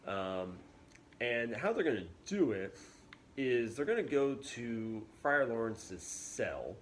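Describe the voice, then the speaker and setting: Chill guy teacher talking slow through a lesson, mid-pitch, lots of ums, bit of faint hiss. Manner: relaxed, chatty, lots of fillers. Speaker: English teacher. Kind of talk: casual classroom video lesson.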